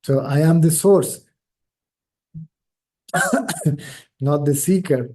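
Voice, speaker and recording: Giving a contemplative spiritual talk, a middle-aged teacher who first spoke Spanish chooses his words slowly and carefully, repeating phrases as he gropes for them. His fairly high, darkish voice swoops wildly in pitch.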